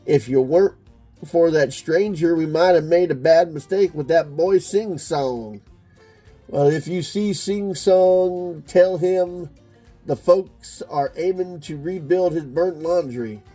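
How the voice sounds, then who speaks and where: Folksy comic-book cowboy with a Southern US drawl, mellow tone, read by a man. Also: fairly high pitch, slow, soft background music. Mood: earnest. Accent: put-on Southern US. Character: drawling Old West cowboy hero, man.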